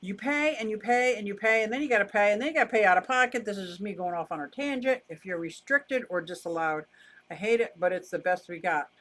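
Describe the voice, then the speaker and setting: A woman's voice: mid-range voice, quick pace, fairly bright tone. Chatty older woman on a livestream. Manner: chatty, wry, laughs easily, rants about costs. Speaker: livestream host. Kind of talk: casual livestream chat reading viewer comments.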